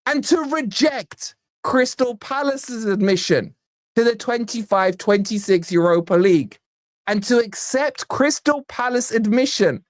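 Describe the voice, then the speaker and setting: A man's voice: high voice, dry recording. Posh stuffy official reading a statement aloud, a guy hamming it up, dry close sound. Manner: formal, over-enunciated reading.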